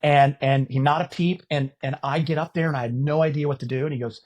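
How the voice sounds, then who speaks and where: A middle-aged man from California on a podcast, telling a story in casual chat and getting loud at the punchlines. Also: medium pitch, steady tone, quick pace, hardly any pauses. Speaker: podcast co-host.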